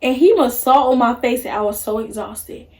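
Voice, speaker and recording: Chatty young woman, slightly high voice. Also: moderate pace, darkish tone. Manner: chatty, acts out quoted people. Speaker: vlogger. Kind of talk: casual storytime.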